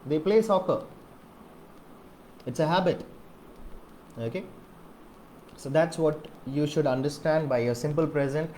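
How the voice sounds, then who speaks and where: A man's voice: a little high, unhurried, pauses often, a little mellow, a little hiss or hum. Man teaching grammar, lots of okays. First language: Malayalam. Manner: explains with repeated okays and rhetorical questions. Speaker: English teacher. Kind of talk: grammar lesson to camera.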